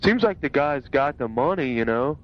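A man in casual conversation, listening calmly and asking questions. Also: mid-range voice, moderate pace. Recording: muffled lo-fi cassette tape.

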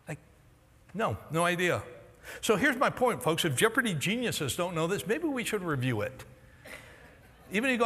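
A husky-voiced male pastor who is losing his voice, preaching with a bright, lively delivery that swings high and low. His sermon rings out with a long reverb through a large church hall. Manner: animated, jokey storytelling with quick voice swings.

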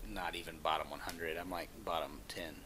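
A man's voice: deep voice, fairly even intonation, a little fast, noisy background. A man casually explaining a game as he plays, with a dry, self-deprecating humor. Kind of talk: casual commentary over gameplay. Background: game music and sounds.

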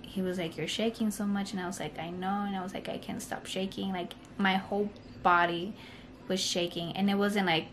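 A woman's voice: medium pitch, steady tone, fairly quick, fairly bright tone, a little hiss or hum. A young woman telling a personal story to camera in a casual vlog, rambling and full of "like" and "you know". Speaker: vlogger.

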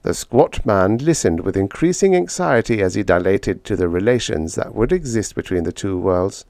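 Guy narrating an old sci-fi story, lively voice, dry close sound. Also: lowish voice, moderate pace, creaky, dry recording. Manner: expressive reading. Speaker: audiobook narrator. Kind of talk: scripted narration.

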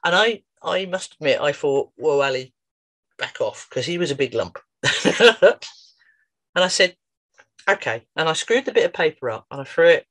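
A man's voice: fairly high pitch, animated, moderate pace, a bit bright, dry recording. A man giving an informal talk about his work with children and adults, chatty and fond of acting out quotes. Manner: chatty storyteller, acts out quotes. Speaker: wellbeing practitioner. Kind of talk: informal promotional talk with anecdotes.

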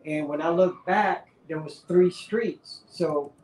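A man's voice: a little high, takes it slowly, far from the mic. Man, from Brownsville Texas, casual storyteller, echoey room, faint background hum. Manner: animated storyteller, laughs at his own tale. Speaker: co-host. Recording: roomy, off-mic, faint background noise.

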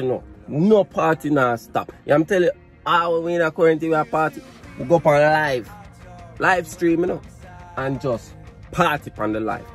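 Playful Jamaican man, a bit high. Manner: playful, repetitive, keeps asking "you see me?". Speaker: vlogger. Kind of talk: comedic vlog skit.

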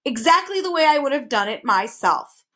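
A woman's voice: sits high, big pitch swings, slow pace, sharp tone, pitched above the performer's own voice, exaggerated voice. Woman playing a pompous boastful bug. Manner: self-important, pompous.

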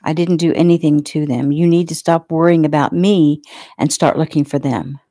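A woman voicing a tough, wounded male lawman who talks low, clipped and guarded. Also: steady tone, moderate pace, warm tone, no echo, clean studio sound, lightly acted. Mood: insistent.

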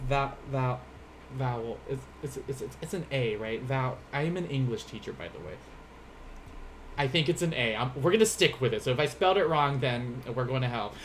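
A man's voice: fairly high pitch, a bit bright, slight background noise. A young man teaching a casual livestream language lesson from home, rambling, laughing often and poking fun at himself, with lots of fillers. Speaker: Japanese teacher. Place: home room.

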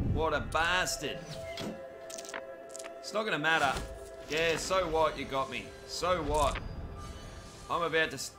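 An Australian man giving cheeky live commentary on a video game while joking with viewers by name. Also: mid-range voice. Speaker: gaming commentator.

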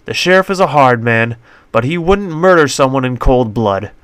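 A man's voice: mid-range voice, expressive, normal speed, a bit bright, smooth, dry recording, pitched above the performer's own voice, lightly acted. A man voicing a prim, fussy doctor-inventor in a put-on British accent, talking formally and pleading earnestly. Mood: urging.

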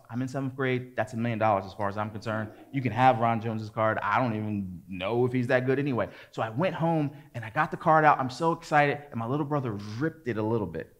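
A man in his forties, a pastor preaching, telling a lively personal story and acting out what people said. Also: mid-range voice, fast, hardly any pauses. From American suburbs. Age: 40s. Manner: lively storyteller, acts out quotes and gets loud at the climax. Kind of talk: sermon with a storytelling anecdote.

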